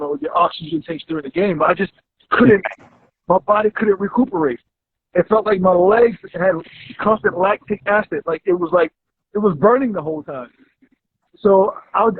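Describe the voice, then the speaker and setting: A man's voice: sits high, slightly rough, dry recording. A man in his thirties, a guest telling his story in a casual interview, rambling with many restarts. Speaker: guest, health coach. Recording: dull, dry lo-fi recording.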